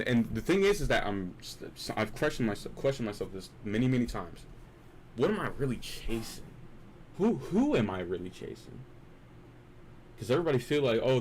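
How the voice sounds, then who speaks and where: Late at night, a young man streams a wandering, philosophical conversation full of repetitions and restarts, shifting between quiet murmurs and loud, excited bursts. He has a mid-range voice, with a little background noise behind him.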